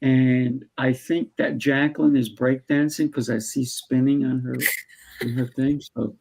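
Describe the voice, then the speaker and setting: Gravelly, husky man hosting live. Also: mid-range voice, fairly even intonation, unhurried, a little mellow, poor audio. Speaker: show host. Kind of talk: casual live video-call chat.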